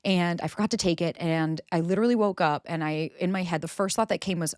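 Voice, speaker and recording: A woman in her thirties hosts a solo podcast in a candid, chatty way, cursing freely and playing out her own self-talk. Her voice sits a little low for a woman. The sound is dry and close, with no room around it. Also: fast talker, few pauses, a little mellow, no echo. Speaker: podcast host. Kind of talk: casual solo podcast monologue.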